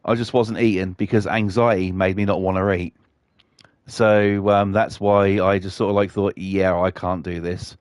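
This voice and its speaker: A man's voice: lowish voice, little pitch movement, moderate pace, dry recording. Sweary, rambling British man. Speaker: streamer. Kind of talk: casual chat on a live stream.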